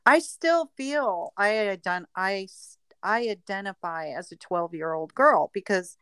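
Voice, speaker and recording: A woman's voice: medium pitch, a little slow, a bit bright, clear, resonant tone, no echo. A woman in casual chat, talking frankly and bluntly, with a bawdy humor. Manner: frank, blunt and bawdy, acts out quoted voices.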